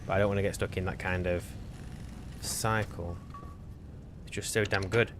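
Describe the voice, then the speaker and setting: A man's voice: sits low, steady tone, normal speed, background noise. A man live-streaming a co-op game, chatting casually and teasing his partner. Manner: chatty, self-correcting, teasing. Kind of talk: casual gameplay chat.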